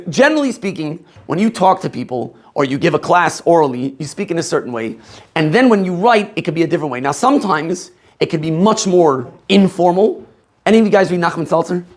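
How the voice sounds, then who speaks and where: A man from Maryland, USA, teaches rabbinical students in a lively style full of questions and frequent laughter. His voice sits on the high side.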